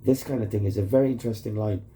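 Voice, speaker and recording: A man's voice: fairly low pitch, fairly even intonation, racing, warm tone. A man rambling in a casual video message to his wife, swearing often and restarting his sentences with "like". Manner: rambling, profane, full of "like" and restarts. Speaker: vlogger addressing his wife.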